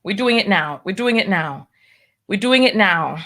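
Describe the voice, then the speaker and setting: A woman's voice: mid-range voice, expressive, normal speed, a bit bright. A woman hosting a casual livestream, nervous and stalling, repeating herself as she reads viewer comments aloud. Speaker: livestream host.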